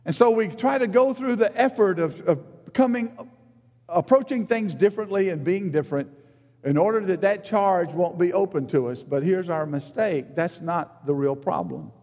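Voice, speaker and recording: Male preacher, sermon, earnest, mellow tone, long reverb of a big church hall. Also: normal speed. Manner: earnest, rises in emphasis then drops low and quiet.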